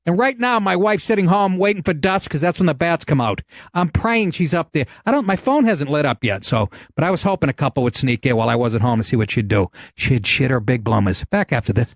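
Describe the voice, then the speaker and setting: A man in an old radio clip, telling a joking story quickly. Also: on the high side, lively intonation, no echo, clean studio sound. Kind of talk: comic radio monologue.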